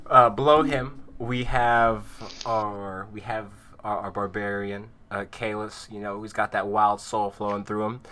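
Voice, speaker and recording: A man's voice: fairly low pitch, fairly even intonation, a little slow, hardly any pauses, bright, forceful tone. A young man acting as game master, casually introducing his players with rambling, teasing jokes on a video call. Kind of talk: casual, joking intro to a live tabletop stream.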